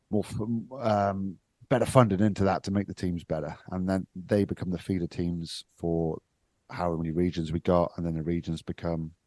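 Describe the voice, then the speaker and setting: Co-host, very low voice, brisk and direct, dry sound on a video call. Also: male voice, darkish tone, no echo. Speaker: podcast co-host. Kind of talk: casual chat.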